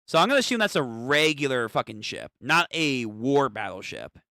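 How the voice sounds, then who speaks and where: A man's voice: medium pitch, sing-song, normal speed, bright, forceful tone, no echo, clean studio sound. A young man reacting live to a manga chapter, talking in a casual, profane way. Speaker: streamer.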